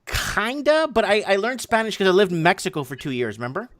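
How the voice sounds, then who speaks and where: A man hosting a podcast, chatting in a quick, matter-of-fact way with frequent restarts. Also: high voice, sing-song, fairly bright tone, dry recording. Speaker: podcast host. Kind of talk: casual chat.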